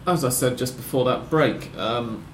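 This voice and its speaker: A man's voice: mid-range voice, moderate pace, roomy sound, loud music behind the voice. A man hosting a casual football podcast, talking in long rambling sentences with wry self-corrections. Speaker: podcast host.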